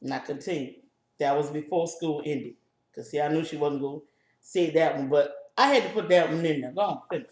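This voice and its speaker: A woman with a New Orleans accent telling a story in casual chat, lively and animated, acting out the people in it. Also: sits low, brisk, echoey room. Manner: lively, animated, acts out voices in her stories. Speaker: co-host.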